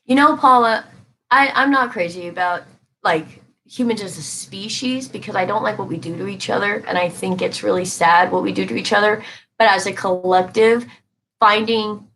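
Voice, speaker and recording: A woman's voice: medium pitch, moderate pace, vocal fry, a bit bright, a little hiss or hum, poor audio. A woman giving a live-stream tarot reading, talking casually and emphatically to her viewers and answering their comments as she goes.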